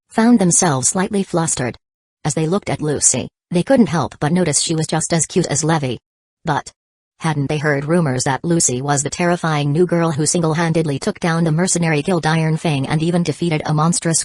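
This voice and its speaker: A woman narrating a fantasy audiobook in an even, measured reading. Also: deep voice, dry recording. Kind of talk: scripted narration.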